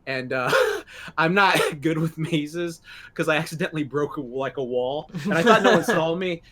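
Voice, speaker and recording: A man's voice: fairly high pitch, animated, moderate pace, fairly bright tone. A young man co-hosting a podcast, rambling through a story with lots of laughter and swearing. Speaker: podcast co-host. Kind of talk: casual chat.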